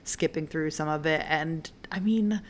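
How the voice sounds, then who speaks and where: A woman with a low, deep voice talks casually as a podcast co-host. She muses aloud, trailing through fillers and restarts. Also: a little hiss or hum. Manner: chatty, drawn-out musing with many fillers. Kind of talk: casual chat.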